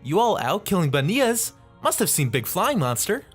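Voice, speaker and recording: A man's voice: high-pitched, sing-song, moderate pace, husky, voice pushed up, heavily acted. A man voicing a small, fretful creature who speaks in broken third-person sentences, over faint music.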